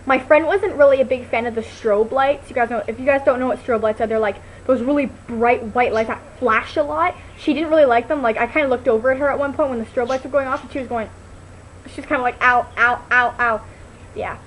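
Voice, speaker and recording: A woman's voice: high-pitched, quick pace, a little hiss or hum, low-quality recording. A woman vlogging in a rambling, casual way on a computer mic. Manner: rambling, full of "like" and restarts. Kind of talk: casual chat to camera.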